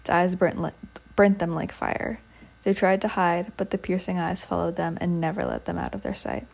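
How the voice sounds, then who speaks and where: Gravelly, husky woman telling a folk tale. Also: fairly low pitch, sing-song, normal speed, a little mellow. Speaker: storyteller. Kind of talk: reading a folk tale aloud.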